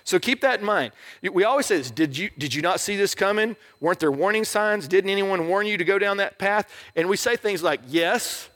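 Middle-aged pastor guy, pretty high voice, chatty preaching, cracks jokes. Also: a little fast, few pauses, fairly bright tone. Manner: conversational, joking, asks "right?" often. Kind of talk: sermon.

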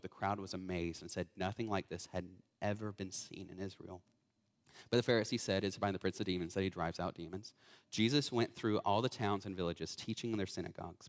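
Casual young male guest preacher, echoey hall. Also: fairly low pitch. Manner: casual, talkative, lots of fillers and self-corrections. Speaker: guest speaker. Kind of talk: sermon. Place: church hall.

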